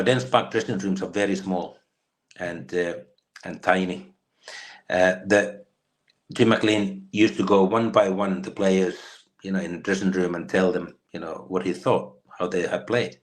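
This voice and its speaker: A man's voice: low-pitched, steady tone, a little slow. A Finnish man in his fifties, a former footballer, telling rambling stories in an interview with many fillers and restarts. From Finland. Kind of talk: storytelling interview.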